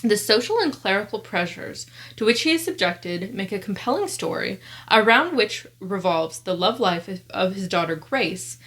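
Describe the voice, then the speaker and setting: A woman's voice: medium pitch, a bit bright. Woman book vlogger, casual chat, reads blurbs aloud, lots of fillers and restarts. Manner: chatty, many fillers and self-corrections. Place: at home among piles of books.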